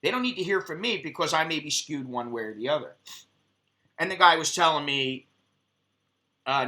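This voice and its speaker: A man's voice: on the high side, brisk, pauses often. A man with an American accent hosting a live stream, telling stories in a casual, profane way and acting out heated exchanges. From United States. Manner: profane, animated storytelling, acts out heated quotes.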